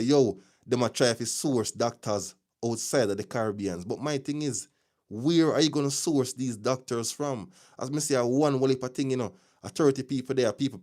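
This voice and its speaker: A man with a Jamaican accent hosting a casual live news stream, chatty and opinionated, greeting viewers with shout-outs as he talks through the day's news. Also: mid-range voice. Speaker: livestream news host.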